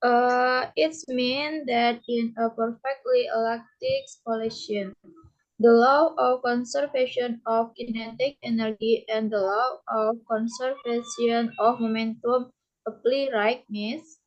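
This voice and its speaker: A woman's voice: on the high side, steady tone, slow pace. A woman with an Indonesian accent playing a female student who hesitantly checks her understanding with the teacher. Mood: confirming. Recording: dull lo-fi sound.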